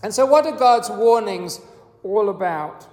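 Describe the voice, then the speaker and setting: A preacher giving a sermon in a measured, earnest teaching manner, with a few small restarts. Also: medium pitch, animated, a little mellow. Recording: echoey hall with long reverb.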